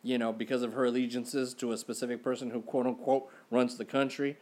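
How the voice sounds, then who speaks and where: A man's voice: medium pitch, little pitch movement, brisk, a little mellow. A man co-hosting a casual chat podcast, joking and swearing freely and often repeating words as he starts a thought. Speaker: podcast co-host.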